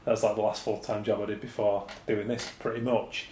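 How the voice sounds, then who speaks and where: Quick-talking man, echoey room. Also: lowish voice. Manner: animated storyteller, acts out quotes. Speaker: podcast host. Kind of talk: casual chat. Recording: echoey room with faint hiss.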